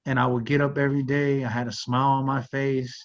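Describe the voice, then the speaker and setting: Male host, earnest and conversational, mid-pitched voice, slightly muffled recording. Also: level tone, fast talker. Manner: earnest, with frequent "like" and "you know". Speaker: podcast host. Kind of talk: heartfelt conversational storytelling.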